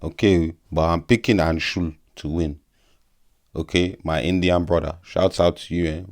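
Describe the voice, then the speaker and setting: A man's voice: low-pitched, steady tone, normal speed, darkish tone. A man voicing a jolly, apologetic older African uncle with an African accent, sing-song and exaggerated, ending lines with "eh?". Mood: jokey apologetic.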